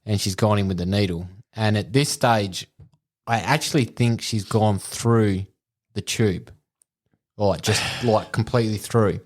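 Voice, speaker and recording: Casting: Australian man, lowish voice, crude storyteller, laughs often. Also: a little slow. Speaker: podcast co-host. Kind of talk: casual storytelling.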